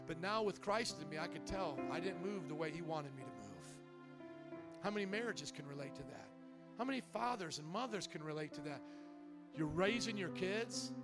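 A man preaching a sermon as pastor, asking the congregation questions and rising into loud, fervent prayer. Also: sits high. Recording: church service audio with music behind.

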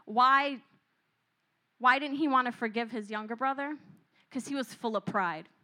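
A young woman preaching a lively youth sermon who acts out voices and asks the crowd questions. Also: on the high side, fairly quick.

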